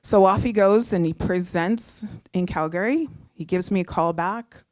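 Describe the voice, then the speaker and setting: A middle-aged woman telling her own story on a live show, animated and chatty, with many fillers and restarts. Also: on the low side, moderate pace, dry recording.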